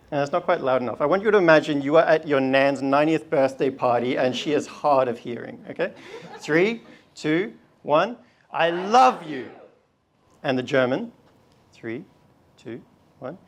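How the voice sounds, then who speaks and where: A man giving a lively talk at a university event, stirring the audience to chant along with him. His voice is gravelly and his delivery casual, full of fillers and quick asides. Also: medium pitch. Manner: energetic, leads audience in call and response, casual fillers. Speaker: research slam presenter. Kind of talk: live public talk leading audience chants.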